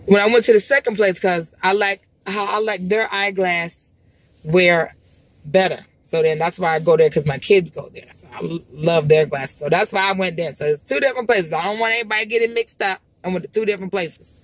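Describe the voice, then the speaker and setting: A woman's voice: fairly low pitch, a little fast, a bit bright, no echo, poor audio. A woman vlogging from her car as she drives, chatting in a rambling, exclamatory way with sighs. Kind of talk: casual chat to camera while driving. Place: car, driving.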